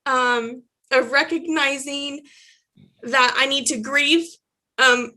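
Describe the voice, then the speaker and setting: Woman patient speaker, heartfelt and halting, high bright voice, unhurried delivery. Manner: heartfelt, halting, many fillers. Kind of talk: personal reflection.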